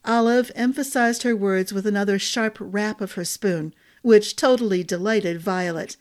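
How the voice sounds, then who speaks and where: A woman narrating a fantasy novel chapter in a calm, measured storytelling voice. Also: medium pitch.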